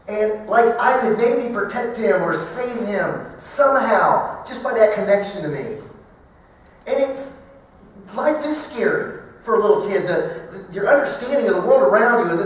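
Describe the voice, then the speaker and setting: A middle-aged man speaking at a banquet, telling a funny personal story in an animated way and acting out the voices. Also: high-pitched, a little hiss or hum. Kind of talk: humorous storytelling talk. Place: large banquet hall. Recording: echoey hall from far off.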